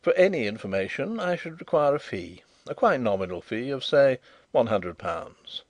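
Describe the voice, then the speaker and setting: A man reading the part of a shrewd, good-humoured gentleman detective who speaks with assured, measured courtesy. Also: medium pitch, sing-song, no echo.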